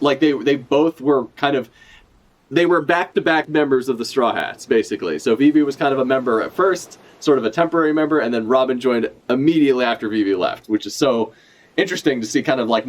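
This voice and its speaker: A man giving casual live reaction commentary as a streamer, animated and profane, laughing often as he talks. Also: medium pitch, a little fast. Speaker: streamer reacting to a manga chapter.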